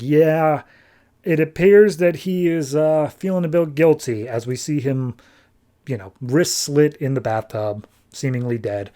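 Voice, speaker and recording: A man hosting a podcast, casually recapping a comic book and voicing the characters' lines as he goes. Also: mid-range voice. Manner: animated retelling with quick voiced asides for characters. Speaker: podcast host.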